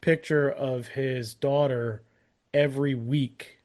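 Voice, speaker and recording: A man's voice: medium pitch, steady tone, takes it slowly, darkish tone. A man co-hosting a casual podcast, easygoing and loose, trailing off into vague estimates. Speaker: podcast co-host.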